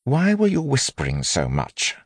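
This is a blunt officer who wants to hear every word, in an audiobook, put on by a man. His voice sits well above the narrator's and lands hard. It is dry and slightly breathy. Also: mid-range voice, wildly swooping pitch, unhurried, no room sound, voice pushed up, exaggerated voice. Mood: demanding. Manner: demanding, blunt. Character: gruff, demanding male constable chief.

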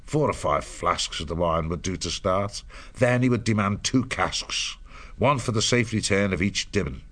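Deep-voiced male storybook narrator. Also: expressive, fairly bright tone. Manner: measured, storytelling. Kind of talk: audiobook narration.

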